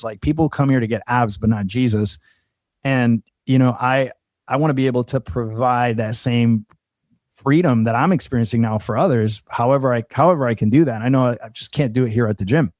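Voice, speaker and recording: A Colombian man appears as a guest on a podcast talk show, telling his life story in an earnest, conversational personal testimony and quoting others in dialogue. His mellow, warm voice is medium in pitch. The audio is close and dry, with no echo or room sound.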